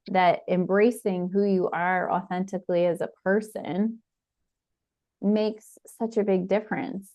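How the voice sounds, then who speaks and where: A woman's voice: medium pitch, lo-fi sound. A woman hosting a podcast, speaking thoughtfully in casual conversation. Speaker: podcast host.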